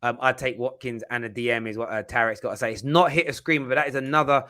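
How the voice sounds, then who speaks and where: Bright-voiced man hosting. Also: mid-range voice, fast. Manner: animated, stammering restarts. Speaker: host. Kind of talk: casual livestream chat.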